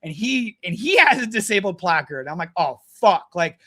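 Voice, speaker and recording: Young man, high-pitched, blunt and profane, casual podcast chat. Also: sing-song, moderate pace, a bit bright. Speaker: guest.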